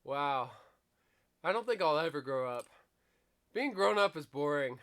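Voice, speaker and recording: A man's voice: a little high, animated, measured pace, fairly bright tone, clean tone. Playful, winded male livestreamer. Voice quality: voice worn out. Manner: silly, playful, breaks into yelps and put-on bits. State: winded and tired. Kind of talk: goofy livestream chat with skits.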